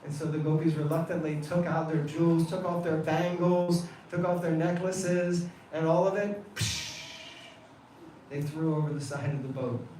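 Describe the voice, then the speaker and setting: A man telling a devotional story to a temple gathering in an animated, laughing way. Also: a little high, moderate pace. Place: temple hall. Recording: echoey hall, distant mic, faint noise.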